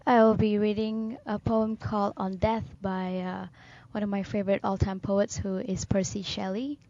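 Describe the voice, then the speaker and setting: A woman co-hosting a radio talk show, reading poems aloud in a measured, solemn way. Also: mid-range voice, little pitch movement, dark tone, dry recording, muffled recording.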